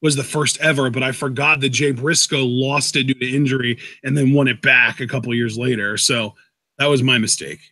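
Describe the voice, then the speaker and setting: A man co-hosting a live wrestling reaction stream, chatting and calling moves in quick play-by-play. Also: mid-range voice, fairly even intonation, pushed and bright, no room sound. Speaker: co-host, wrestling commentator. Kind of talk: casual live reaction commentary.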